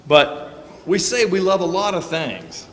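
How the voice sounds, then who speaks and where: A man's voice: high-pitched, big pitch swings, unhurried, a bit bright. Man preaching in an echoey church. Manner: folksy storytelling, joking asides. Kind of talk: conversational sermon. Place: church sanctuary.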